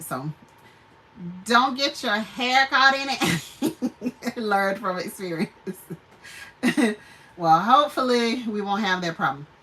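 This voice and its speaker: A woman's voice: lowish voice, a bit bright, distant mic, a little hiss or hum, poor audio. A woman hosting a homestead channel, chatting casually on a livestream, laughing often and greeting viewers.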